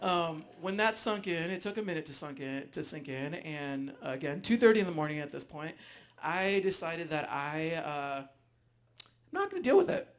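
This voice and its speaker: A man telling a personal story live on stage, animated, acting out voices, with frequent ums. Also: fairly high pitch, normal speed. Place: stage before a live audience.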